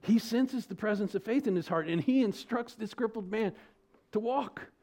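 A man preaching an expository sermon as pastor, asking rhetorical questions, his pitch and loudness rising and falling. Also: normal speed.

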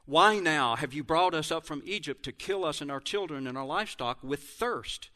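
A man leads a Bible lesson, moving between reading scripture aloud and laying out plain comparisons. His voice sits a little high and sounds bright and forceful, with small slips he openly corrects. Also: lively intonation, normal speed. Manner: reads verses aloud, then compares them in plain explanation; corrects himself mid-reading. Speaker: Bible teacher.

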